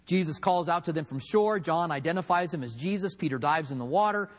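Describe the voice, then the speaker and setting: A man preaching a sermon, telling a story with acted-out quotes and swinging between loud and hushed delivery. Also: on the high side, expressive, a little fast, big-room sound. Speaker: pastor.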